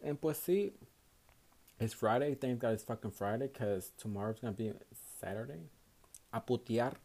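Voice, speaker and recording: A man's voice: medium pitch, moderate pace, vocal fry, mellow. A young man from Houston with a Mexican Spanish accent hosts a casual solo podcast, worn out after a night shift, swearing freely and switching between English and Spanish. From Houston, Texas, USA. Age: young adult. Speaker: podcast host.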